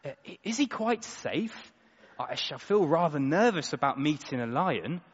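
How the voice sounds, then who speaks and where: Nervous young girl, as a man reads her, storybook, polite, stammering, higher voice, echoey hall, dull sound. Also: sing-song, a little slow, husky, exaggerated voice. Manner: hesitant, stammering.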